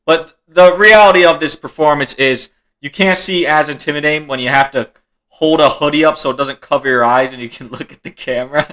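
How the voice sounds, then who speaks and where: A man riffs through a comedic reaction commentary on online videos. His voice is bright and forward, and he jokes, laughs and swears casually as he tries to explain what is going on. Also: fairly high pitch, fairly quick.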